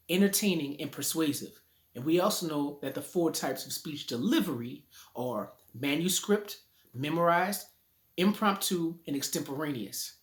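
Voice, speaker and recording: A man giving a casual video lesson on public speaking from his living room, recorded on a phone in selfie mode, talking conversationally and playing with rhymes. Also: fairly high pitch. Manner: playful, conversational, rhyming catchphrases.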